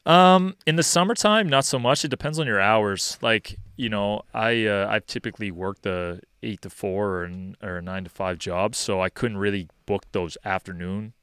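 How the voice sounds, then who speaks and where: Young man, hockey coach, deep resonant voice, laid-back talker with plenty of fillers. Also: moderate pace, hardly any pauses, clean tone, dry recording, studio quality. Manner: relaxed and rambling, many fillers like "you know" and "um". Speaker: hockey skills coach and podcast guest. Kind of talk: casual interview chat.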